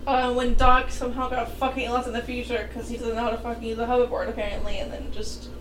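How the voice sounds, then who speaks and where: A woman's voice: a little high, flat delivery, quick pace, background noise. A young adult woman co-hosting a casual movie podcast, blunt and grumpy, swearing freely. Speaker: podcast co-host. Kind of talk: casual movie-watching chat. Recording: echoey, distant, music behind.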